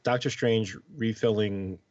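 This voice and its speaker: A man's voice: on the low side, fairly even intonation, measured pace, darkish tone, highs cut off. A man co-hosting a movie podcast, giving an enthusiastic, easygoing review. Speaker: podcast co-host.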